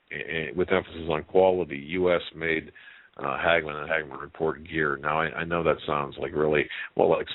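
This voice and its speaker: A man hosting a call-in radio show, talking in halting bursts with many fillers and restarts. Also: low-pitched, no echo. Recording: tinny phone-line sound, dry.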